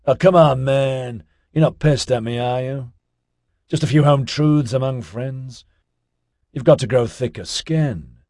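A man voicing a laid-back, chatty young man who talks in hippie slang with an excitable drawl. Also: medium pitch, a little slow, dry recording, studio quality, voice pushed up. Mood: teasing.

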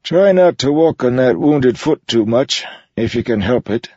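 A man voicing a frightened old male shoemaker who speaks gently and pleads with a trembling voice. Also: medium pitch, expressive, a little slow, dry recording, highs cut off, voice pushed up. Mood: gentle.

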